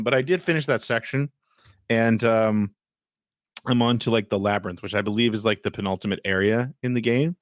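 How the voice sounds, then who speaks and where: In a casual podcast chat, a male co-host with a mid-range voice rambles, restarting often and using plenty of fillers. The studio-quality recording has no echo.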